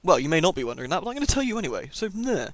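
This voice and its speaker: A man's voice: sits high, big pitch swings, rapid-fire, no room sound. A man who has a cold, chatting enthusiastically through a casual first-impressions game review with plenty of ums. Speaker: gaming YouTuber.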